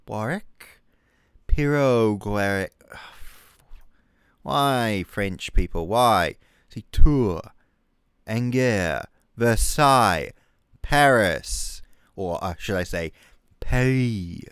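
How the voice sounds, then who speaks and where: A man's voice: fairly low pitch, smooth, no room sound. A man ranting comically over a map, mocking and exasperated, swearing a lot. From New Zealand. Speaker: comedic youtuber. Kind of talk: comedic rant over a map.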